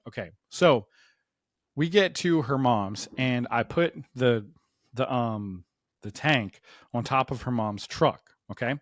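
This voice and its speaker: Brief: male comedian, dry close mic, animated storyteller who voices each character. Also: mid-range voice, takes it slowly, no echo. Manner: animated, acts out the voices of the people in his story. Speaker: stand-up comedian.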